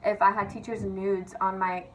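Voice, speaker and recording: A woman's voice: mid-range voice, level tone, normal speed, dull audio, slight background noise. A young woman vlogger rants casually and confessionally, chatty and sweary, leaning on "like" and "literally". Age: young adult.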